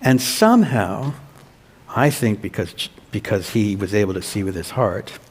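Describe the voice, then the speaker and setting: Slow-talking pastor in a reverberant church. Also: male voice, lowish voice, animated, husky. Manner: slow, storytelling, asks children questions. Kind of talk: children's sermon.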